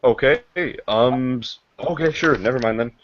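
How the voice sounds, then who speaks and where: A man's voice: mid-range voice, normal speed, slight background noise. A man playing a tabletop game, hesitant and full of fillers as he counts dice aloud. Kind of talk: casual game chat. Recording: muffled lo-fi recording with clicking.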